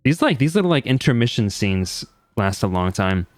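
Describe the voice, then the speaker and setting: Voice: mid-range voice, big pitch swings, normal speed, no echo. A streamer giving casual, rambling commentary while playing a game. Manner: offhand, rambling asides.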